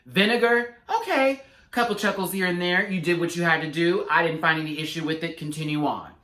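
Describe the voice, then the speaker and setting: A man giving a casual, sassy episode recap and review with animated, slangy asides. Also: fairly high pitch, fairly quick. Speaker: reality TV reviewer. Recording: roomy echo.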